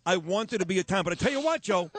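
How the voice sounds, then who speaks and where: A man hosting a morning radio show, telling stories quickly and laughing often; he grew up in Brooklyn, New York. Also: high voice. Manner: animated, quick storytelling with laughs. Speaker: radio host.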